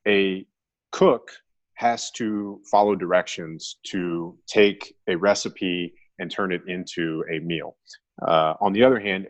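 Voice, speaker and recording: A man speaking as a guest in a casual conversation, telling his experience in a relaxed way full of "you know" and "like". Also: sits low, dry recording. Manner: relaxed, filler-heavy storytelling.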